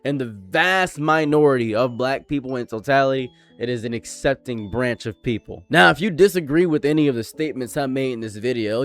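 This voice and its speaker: A man's voice: mid-range voice, fairly bright tone. Frank man lecturing his viewers. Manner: frank, lecturing, repeats points for emphasis. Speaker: commentary YouTuber. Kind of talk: casual commentary monologue.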